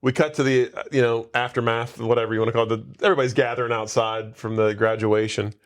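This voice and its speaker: A man's voice: mid-range voice, steady tone, quick pace. A man casually retelling a movie plot on a podcast, rambling with many asides and quoted lines. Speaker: podcast co-host. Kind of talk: casual movie recap chat.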